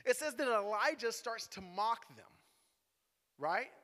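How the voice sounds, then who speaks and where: A man's voice: very high-pitched, expressive, measured pace, fairly bright tone. A man giving a playful, dramatic sermon in a conversational tone, in a church hall. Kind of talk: lively sermon storytelling. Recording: echoey hall.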